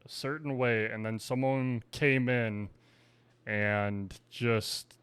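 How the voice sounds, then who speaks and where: Smooth-voiced man, dry close sound. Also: mid-range voice, steady tone, takes it slowly, a bit bright, no echo. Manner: prompting questions, easygoing. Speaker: podcast co-host. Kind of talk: casual chat.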